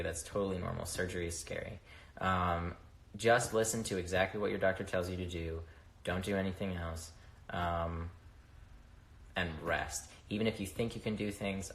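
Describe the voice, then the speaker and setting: A man's voice: low-pitched, a bit bright. A young man hosting a casual livestream, chatting loosely with viewers, swearing freely and losing his train of thought, talking into a phone. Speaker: livestream host answering viewer questions. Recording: roomy echo.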